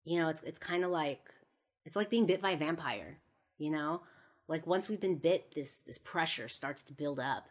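A woman's voice: low-pitched, normal speed. A woman hosting a podcast, telling a personal story in a rambling way with many fillers. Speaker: podcast host.

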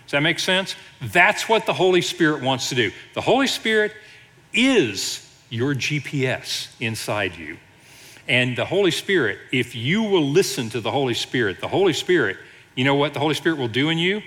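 Animated pastor with lively pitch. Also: male voice, normal speed. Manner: animated, joking asides. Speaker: executive pastor. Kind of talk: sermon. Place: church sanctuary. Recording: long church reverb.

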